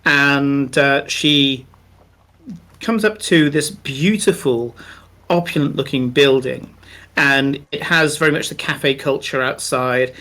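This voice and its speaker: In a bright, forceful, mid-range voice, a man narrates a tabletop session as its game master. He lingers over descriptive scenes, leaning on frequent ums and uhs as fillers.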